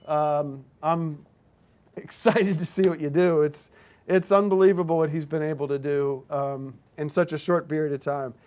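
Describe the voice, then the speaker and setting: A man giving a hesitant speech of thanks, with pauses and fillers. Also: on the high side, fairly even intonation, darkish tone.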